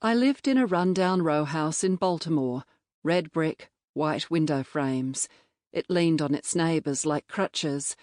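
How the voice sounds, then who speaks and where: A low-pitched woman narrates a novel in the first person, measured and reflective. Her voice is recorded close on a studio mic, dry and dead. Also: a little mellow, no room sound. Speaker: audiobook narrator.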